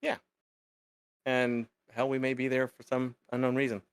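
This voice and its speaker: A man's voice: mid-range voice, monotone, moderate pace, clear, resonant tone, no room sound, clean studio sound. A man co-hosting a casual live chat stream, rambling with many fillers and restarts.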